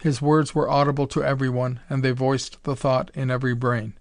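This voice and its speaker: A man narrates an audiobook in a steady storytelling voice at a middle pitch. The recording is close and dry, with no room sound. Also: a little fast, no echo.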